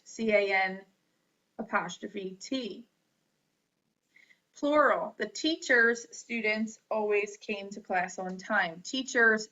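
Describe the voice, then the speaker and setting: A woman teaching a grammar lesson, reading out rules and examples deliberately and spelling words letter by letter. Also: medium pitch, pushed and bright. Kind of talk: slow classroom lecture on grammar. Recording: dull lo-fi recording.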